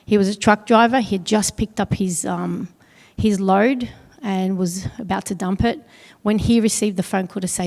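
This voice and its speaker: A middle-aged woman telling a personal story on stage at an awards event, earnest and pausing heavily. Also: mid-range voice, fairly even intonation, vocal fry, a little mellow. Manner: earnest, heavy pauses, quotes others in dialogue. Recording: long hall reverb.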